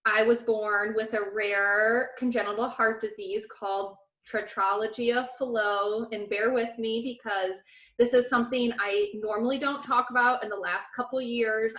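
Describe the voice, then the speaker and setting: In casual conversation on her podcast, a co-host with a mid-range voice animatedly narrates a story and acts out what was said. The audio has a roomy quality.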